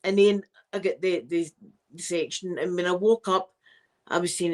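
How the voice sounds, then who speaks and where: A middle-aged woman with a Scottish accent, hosting a live stream and chatting casually to viewers in an animated, self-mocking way. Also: fairly low pitch, moderate pace. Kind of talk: casual chat storytelling to viewers.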